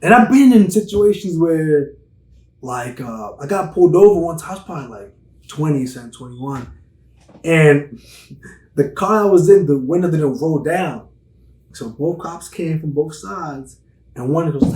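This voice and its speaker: A young man in his twenties chatting casually on a podcast, animated and profane, acting out stories in voices. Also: sits high, normal speed. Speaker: podcast host. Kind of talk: casual chat. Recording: echoey room.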